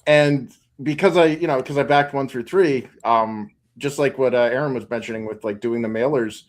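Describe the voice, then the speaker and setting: A man in a casual podcast chat, telling stories in an animated way and laughing between lines. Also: mid-range voice, normal speed.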